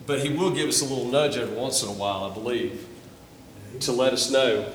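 A man's voice: medium pitch, steady tone, brisk, a little hiss or hum. Male pastor, earnest sermon delivery with repeated starts; recorded from far back in a roomy hall. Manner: earnest, repeats words when starting phrases. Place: church sanctuary.

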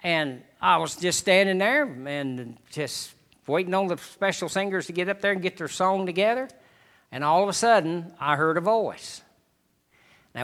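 A middle-aged man, a missionary preacher, giving a folksy personal testimony to a congregation with halting restarts. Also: sits high, fairly bright tone.

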